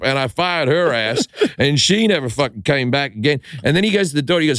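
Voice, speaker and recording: This man's mid-range voice moves fast, recorded with clean studio sound and no room noise. As a comedian on a podcast, he tells a casual story with lots of energy, voicing the characters' quotes and cursing freely.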